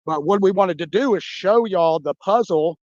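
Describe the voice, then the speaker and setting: Man, Southern drawl, easygoing chatter, slightly high voice, dry muffled lo-fi sound. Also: moderate pace, a little mellow, no room sound. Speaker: podcast co-host running puzzles. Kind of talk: casual chat.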